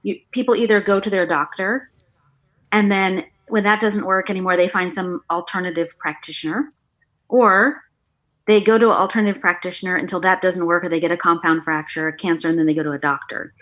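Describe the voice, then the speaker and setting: Animated middle-aged woman telling a story. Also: on the low side, a little fast. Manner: animated storyteller, acts out quoted dialogue. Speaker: guest, author and former acupuncturist. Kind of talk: casual storytelling interview.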